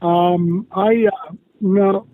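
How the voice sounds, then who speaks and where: A man's voice: sits high, steady tone, extremely slow, dry recording. A man calling in by phone, hesitant, with many fillers and restarts. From Montana. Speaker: caller. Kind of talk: call-in question. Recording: tinny phone line.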